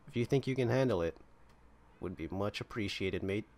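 A man's voice: on the low side, a little mellow, lightly acted. Man reading as an upset innkeeper. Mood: urgent. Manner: reads quest text aloud quickly. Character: upset male innkeeper who lost his flask.

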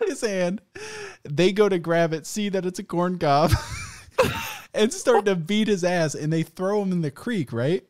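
A man's voice: sits high, animated, measured pace, no room sound, studio quality. Laughing, swearing young man storyteller. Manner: swears freely, laughs through his stories. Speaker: podcast co-host. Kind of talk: casual chat.

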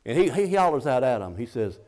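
A man's voice: medium pitch, very animated, fast, a little mellow. A middle-aged man preaching a sermon in a folksy, conversational way, often restarting his sentences and acting out the scripture quotes.

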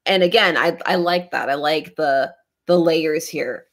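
A woman's voice: deep voice, a little slow. A woman hosting a casual comic book club livestream, talking in a rambling way with many restarts and laughs. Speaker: comic book channel host.

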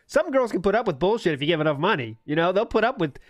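A high, animated male voice hosts a comedy podcast. He banters, laughs and swears freely. The mic is close and dry. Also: fast talker, no room sound. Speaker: podcast host. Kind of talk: casual comedic podcast chat.

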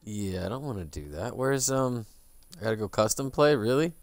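A man's voice: mid-range voice, expressive, moderate pace, dry recording. A man streaming a game, muttering sarcastic, swearing asides as he plays. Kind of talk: casual gameplay commentary.

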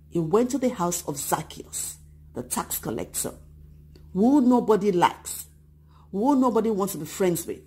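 A woman teaching a children's church lesson, retelling a Bible story and acting out the voices of excited children and grumbling crowds. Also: mid-range voice, breathy edge. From Nigeria. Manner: animated, acts out voices of children and Bible figures.

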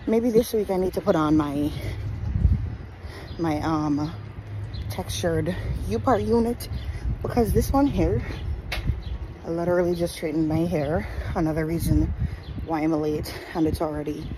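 A pregnant Jamaican woman in her twenties vlogs casually, candid and unfiltered, sounding tired and out of breath. Her low-pitched voice keeps a measured pace with long pauses, and there's noise in the background.

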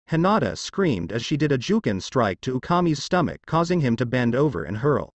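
Man reading fan fiction, animated pitch, dry close sound. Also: fairly quick, hardly any pauses, dry recording, lo-fi sound.

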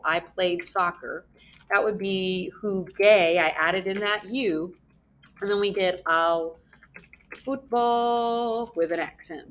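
A young Spanish teacher with a medium-pitched, fairly bright voice gives a recorded lesson, writing on screen and explaining step by step. She spells out letters as she writes and mutters asides along the way.

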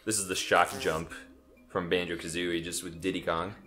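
A man's voice: low voice, level tone, normal speed, bright, forceful tone, faint music behind. A man co-hosting a video game playthrough, goofy and laughing often in casual commentary. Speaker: let's play co-host.

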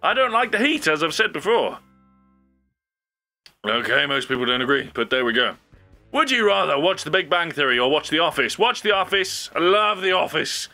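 A man's voice: fairly high pitch, moderate pace, faint music behind. Young guy hosting his channel, super bouncy up-and-down voice, chatty and giggly. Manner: animated, rambling, laughs often. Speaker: YouTube host. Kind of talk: casual solo commentary.

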